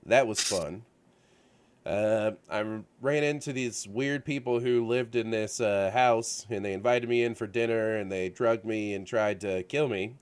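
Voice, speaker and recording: A man hosts a casual talk show, rambling animatedly through video game stories with lots of fillers and restarts. His voice is lowish and unhurried. The radio-show studio setup has a little hiss or hum.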